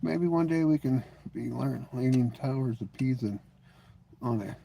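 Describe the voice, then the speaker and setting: A man's voice: medium pitch, unhurried, gravelly, mellow, slight background noise. A middle-aged man hosting a live stream, chatting casually with viewers. He rambles, jokes and leans on "you know" as he talks. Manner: rambling and joking, full of "you know" and restarts.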